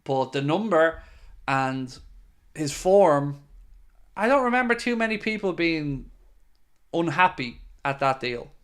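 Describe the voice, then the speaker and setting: A man's voice: fairly high pitch, expressive, slow pace, long pauses, clean tone. A middle-aged man hosting a casual fan live stream, reading out viewer comments in a chatty, friendly way. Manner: chatty and friendly, with frequent fillers. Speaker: fan channel host.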